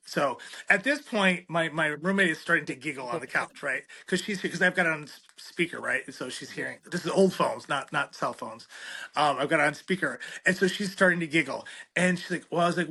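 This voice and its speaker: A middle-aged man, a veterinarian, telling a comic story in an interview in an animated, self-deprecating way and acting out the dialogue. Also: fairly high pitch, a little fast, husky. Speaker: veterinarian, podcast guest.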